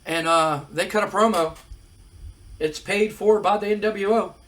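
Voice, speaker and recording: A man with a high voice casually recaps a wrestling sim, thinking aloud between results. His delivery is relaxed and easygoing, with plenty of ums and uhs. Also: a little slow. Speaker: let's-play narrator. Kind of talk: casual game commentary.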